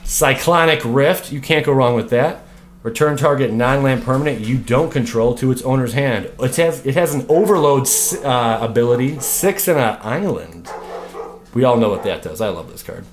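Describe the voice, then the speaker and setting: Male vlog host, home setup, animated ranter, lively pitch, swears a lot. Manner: animated, swears freely, breaks off into joking rants. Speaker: card game video host. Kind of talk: casual card review vlog.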